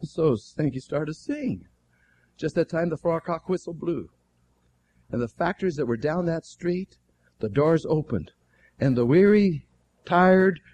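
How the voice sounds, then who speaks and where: High-voiced preacher telling a story. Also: male voice, no echo, lo-fi sound. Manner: animated storyteller who acts out dialogue; fervent exclamations. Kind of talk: storytelling sermon.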